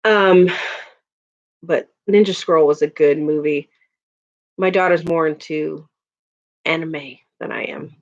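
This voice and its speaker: A woman's voice: deep voice, steady tone, slow, pauses often. A woman in her thirties chatting casually on a livestream, laughing often and answering viewers' comments. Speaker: livestream host. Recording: dull lo-fi audio.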